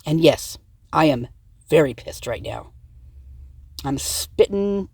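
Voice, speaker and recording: A woman with a low, slightly mellow, breathy voice rants slowly but with lively intonation on her video channel, aiming rhetorical questions at viewers. She speaks close to her tablet's microphone on a dry recording.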